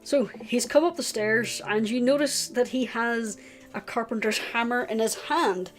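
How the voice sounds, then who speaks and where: A woman's voice: fairly high pitch, measured pace. Woman narrating a tabletop game with music. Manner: relaxed with frequent fillers. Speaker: game master.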